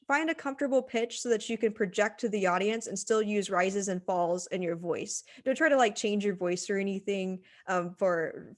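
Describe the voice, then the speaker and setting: A woman teaching presentation skills in a recorded lecture, conversational, with frequent fillers and restarts, speaking into a computer microphone. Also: mid-range voice. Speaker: writing center instructor.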